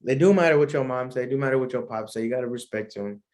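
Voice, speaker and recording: A man's voice: medium pitch, very fast, a little mellow. A young man, hosting a solo podcast in a laid-back, rambling way and laughing often. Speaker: podcast host. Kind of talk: casual solo podcast chat.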